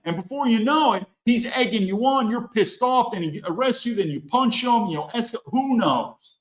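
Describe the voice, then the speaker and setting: Male podcast guest with a high, animated delivery and a blunt, profane edge. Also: a little fast, few pauses, rough recording. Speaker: podcast guest, former federal agent. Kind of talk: animated conversational storytelling.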